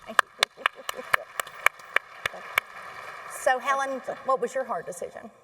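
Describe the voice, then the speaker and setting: A middle-aged woman speaking on stage to an audience, emotional and halting, often restarting her sentences. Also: sits high, long reverb tail, heavy background noise. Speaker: healthcare association board chair. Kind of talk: onstage talk to an audience. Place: stage in a large hall.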